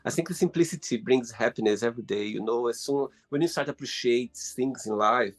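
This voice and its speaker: A man hosting a casual interview, speaking English as a second language and agreeing warmly with his guest. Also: medium pitch. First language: not English. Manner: encouraging, quick to agree. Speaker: podcast host.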